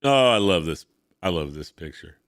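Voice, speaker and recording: Deep-voiced man narrating a comic. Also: animated, moderate pace, a little hiss or hum. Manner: enthusiastic asides, dramatic narration. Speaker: podcast host. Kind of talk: reading a comic aloud with commentary.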